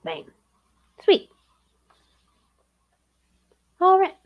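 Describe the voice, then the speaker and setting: A woman with a Southern US accent, hosting a stream and chatting casually with relaxed, playful asides. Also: very high-pitched, slow, highs cut off. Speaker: streamer host.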